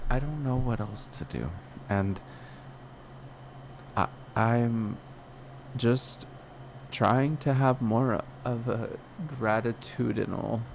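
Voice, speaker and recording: A young man's gravelly, slightly mellow, medium-pitched voice carries a solo reflective podcast monologue. As host, he rambles and second-guesses, restarting often and leaning on fillers, with slight background noise present.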